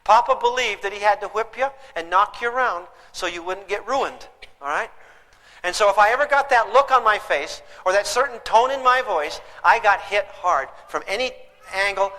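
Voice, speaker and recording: A man's voice: sits high, sharp tone, long reverb tail, poor audio. A man teaching a parenting class to a live audience, emphatic and throwing questions at them.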